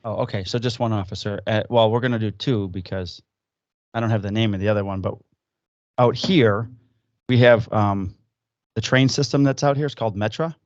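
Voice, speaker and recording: Low-voiced man in casual podcast chat. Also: brisk, no echo, muffled recording. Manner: loose, swearing banter. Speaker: podcast co-host. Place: at home, recording remotely.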